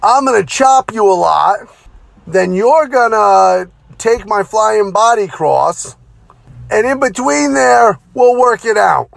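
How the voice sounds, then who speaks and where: A wild-eyed veteran wrestler barks short orders in a raised, loud voice, as a man puts him on. He sounds fired up and blunt, with a dry, close sound. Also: animated, slow pace, creaky, dry recording, heavily acted. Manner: loud, high, clipped commands.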